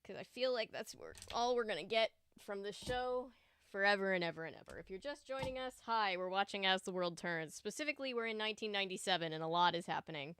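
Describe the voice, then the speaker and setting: A woman's voice: mid-range voice, expressive, quick pace, a bit bright, clear, resonant tone, dry recording. A young woman hosting a casual livestream, chatting and greeting viewers by name. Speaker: livestream host.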